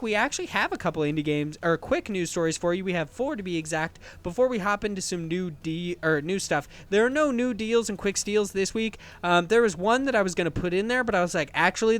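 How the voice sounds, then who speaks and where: A man's voice: high voice, a bit bright. A man hosting a games podcast, chatting casually and enthusiastically, rambling with restarts. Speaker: podcast host.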